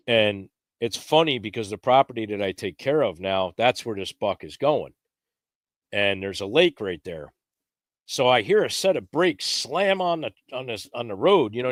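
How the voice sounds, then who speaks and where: A man telling a lively, casual story as a podcast guest, raising his pitch when he acts out what others said. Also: dry recording, studio quality.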